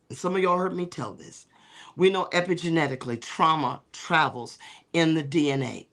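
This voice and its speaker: A middle-aged woman who is a bishop and co-host, telling stories in a talk show discussion in an animated, preacherly way with many fillers. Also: fairly low pitch.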